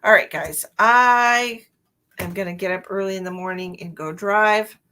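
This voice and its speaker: A woman's voice: medium pitch, moderate pace, bright, forceful tone, a little hiss or hum. A middle-aged woman hosting a live stream as a psychic medium, chatting casually and laughing often.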